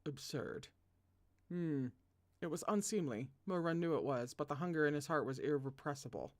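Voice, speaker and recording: A man reading a novel aloud as host of a read-along, animated and often stopping to joke and laugh at the text. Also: on the high side, normal speed. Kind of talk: read-along narration with asides.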